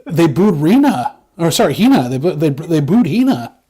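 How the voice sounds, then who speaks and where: A man co-hosting a casual wrestling recap, animated and rambling with frequent restarts. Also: fairly high pitch, normal speed, breathy edge. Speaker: podcast co-host.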